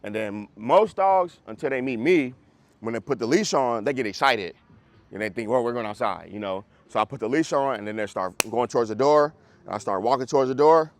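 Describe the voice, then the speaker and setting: A man's voice: medium pitch, lively intonation, fairly quick, a little hiss or hum. A man, a dog trainer, coaching a group class in a casual, conversational way over a video call, often checking that listeners follow.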